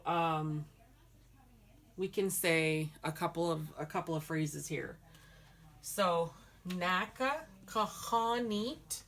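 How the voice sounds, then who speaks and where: Woman language teacher, very slow and patient, lowish voice, drills words syllable by syllable. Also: creaky, a bit bright. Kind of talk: slow spoken language lesson.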